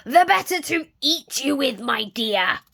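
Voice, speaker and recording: A woman voicing a sly, hungry male wolf in a storybook reading, with a croaking, mock-sweet growl. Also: mid-range voice, lively intonation, takes it slowly, bright, forceful tone, exaggerated voice.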